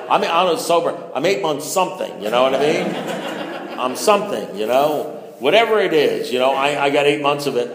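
A man telling his own recovery story to a room as comic storytelling, animated and rambling, self-mocking, stumbling over stammered restarts. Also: mid-range voice. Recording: echoey hall with long reverb.

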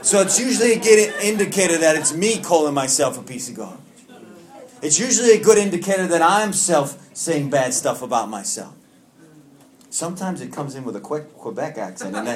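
A man's voice: fairly high pitch, expressive, fairly quick, crowd noise. Earnest New man sharing with a group. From Long Island, New York. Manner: earnest and heartfelt, with self-mocking humor. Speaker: speaker leading a recovery meeting. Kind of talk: personal share to a support group. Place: meeting room with a group.

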